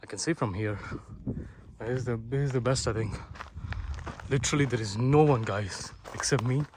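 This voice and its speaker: Young man, mid-pitched, casual hiking vlogger, chatty and winded, noisy outdoor phone audio. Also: moderate pace. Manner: excited, chatty, addresses viewers as guys. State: out of breath. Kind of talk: casual trekking vlog. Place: outdoors on a hilltop fort. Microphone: handheld phone.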